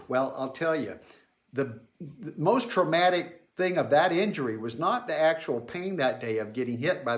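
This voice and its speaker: A man from Georgia in the US South telling his childhood memories in a plainspoken, reflective way with homey asides. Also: mid-range voice. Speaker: memoir storyteller. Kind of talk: spoken personal memoir.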